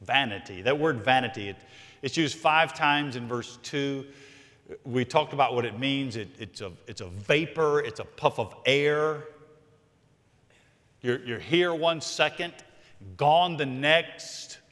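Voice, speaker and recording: Emphatic pastor preaching in a reverberant hall. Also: male voice, mid-range voice, measured pace. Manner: emphatic preaching, swings from loud to hushed. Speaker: senior pastor. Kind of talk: sermon. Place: large church sanctuary.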